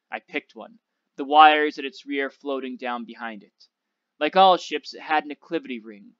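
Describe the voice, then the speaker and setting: A man's voice: medium pitch, fairly bright tone, no echo. Male teacher reading a novel aloud. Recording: dull, dry lo-fi recording.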